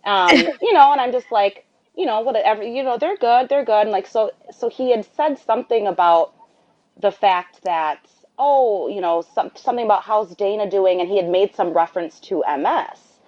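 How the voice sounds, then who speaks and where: A woman's voice: mid-range voice, moderate pace. A woman, the host's sister, telling a story in a chatty, rambling way and acting out the dialogue. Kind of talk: storytelling conversation. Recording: dull lo-fi sound.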